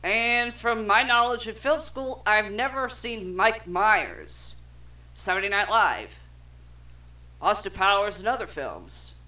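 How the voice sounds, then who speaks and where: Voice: mid-range voice, animated, slow pace, pushed and bright. A young adult podcast co-host reading film trivia aloud in casual chat, swearing freely and stumbling over words.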